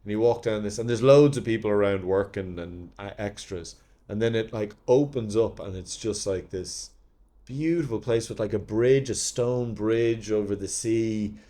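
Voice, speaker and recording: An actor guest on a podcast, this man has a fairly low voice and a moderate pace. He tells anecdotes from his career in casual chat, an animated storyteller who acts out the people he quotes.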